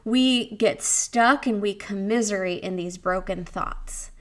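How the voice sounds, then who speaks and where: A woman in her 30s, a solo podcast host and wellness coach, speaks slowly in a mid-range, slightly bright voice. Her delivery is chatty and candid, with frequent laughs, and she acts out inner voices.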